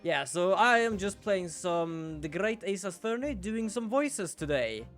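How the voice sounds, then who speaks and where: A man's voice: high-pitched, big pitch swings, a little slow, fairly bright tone, faint music behind. Chatty young man streaming a game. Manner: chatty, rambling, self-deprecating. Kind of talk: casual gameplay commentary.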